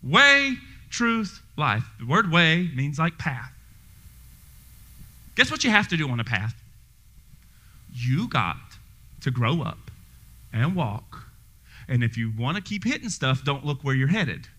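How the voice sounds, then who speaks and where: A male pastor preaching a sermon to his congregation in a church, energetic and joking, speaking directly to the people in the room. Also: medium pitch, a little slow, pauses often. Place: church sanctuary before a congregation.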